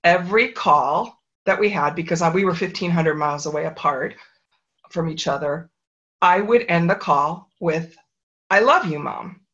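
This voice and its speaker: A woman's voice: on the low side, moderate pace, a bit bright, dull audio. A middle-aged woman, an author and interview guest, telling a personal story in a reflective, earnest way. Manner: reflective, earnest, with brief quoted voices.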